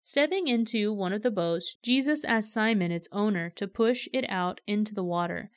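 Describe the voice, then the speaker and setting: A woman reading scripture aloud in a steady, measured storytelling manner. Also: mid-range voice, smooth, no room sound, clean studio sound. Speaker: scripture reader.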